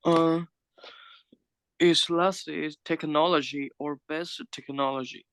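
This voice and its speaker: A man learning in class, answering vocabulary questions in a halting, hesitant way with restarts. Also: on the high side, steady tone, a bit bright, smooth, no room sound, rough recording. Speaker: language student.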